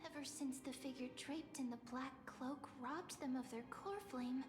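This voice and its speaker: A cheerful, sweet young girl guide speaks in a bright, high voice. She is gentle and earnest. The sound is roomy game audio over loud music. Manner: gentle, earnest, softly encouraging.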